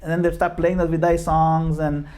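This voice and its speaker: His voice is fairly high and a little mellow, with a level tone and normal speed. He's a middle-aged man from Gujarat, India, giving an informal devotional talk at a home program, telling stories, laughing at himself and mixing in Hindi and Sanskrit verses.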